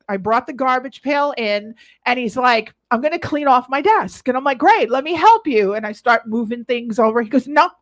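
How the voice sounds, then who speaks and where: A woman co-hosting a casual chat show, telling animated stories with laughs and loud acted-out quotes. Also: fairly high pitch. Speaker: co-host.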